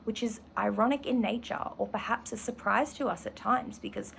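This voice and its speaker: A woman's voice: on the high side, brisk, creaky, a bit bright, slight background noise, poor audio. A woman English teacher explaining a novel and reading a passage aloud, enthusiastic and correcting herself as she goes. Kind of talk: literature lesson with read-aloud passage.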